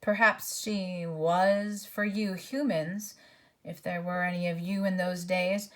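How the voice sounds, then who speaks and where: A woman's voice: lowish voice, steady tone, slow pace, a bit bright. Woman doing a surly male dwarf, cold and grumbling, storybook reading. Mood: bitter. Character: bitter, defiant male dwarf.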